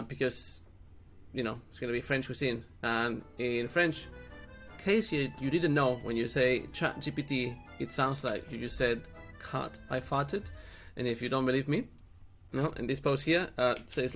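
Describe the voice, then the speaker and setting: Chatty jokey guy hosting a tutorial, middle-aged, mid-pitched voice, lots of little asides. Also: fairly bright tone. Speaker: SEO channel host. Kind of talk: screen-share tutorial.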